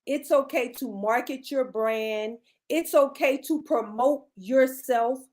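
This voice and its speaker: A woman's voice: high-pitched, slow pace, darkish tone. A middle-aged woman guest, a beauty coach, giving encouraging, repetitive pep talk with a preachy cadence. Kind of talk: casual motivational chat.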